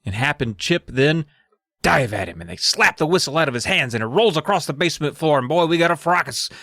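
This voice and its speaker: A man's voice: a little high, lively intonation, brisk, pushed and bright, no room sound, clean studio sound. A man co-hosting a podcast, telling a story with mock drama and swearing. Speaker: podcast co-host. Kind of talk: casual chat recapping a book.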